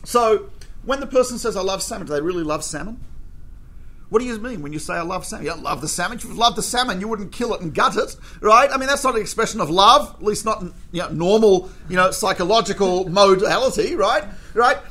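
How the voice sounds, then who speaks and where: Man, high voice, bright tone, religious teacher, Torah lesson, anecdotal, rhetorical questions. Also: expressive, quick pace. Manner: anecdotal, peppered with rhetorical "right?".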